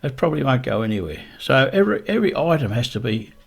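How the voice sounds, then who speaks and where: A man practicing a voiceover, speaking low and deep close to the microphone in a deliberate, repetitive self-coaching way. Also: sing-song, vocal fry, husky. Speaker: YouTube creator.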